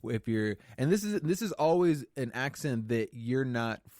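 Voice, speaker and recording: A man co-hosting a podcast in casual chat, talking haltingly with many fillers and questions. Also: mid-range voice, animated, darkish tone, no echo, clean studio sound. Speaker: podcast co-host.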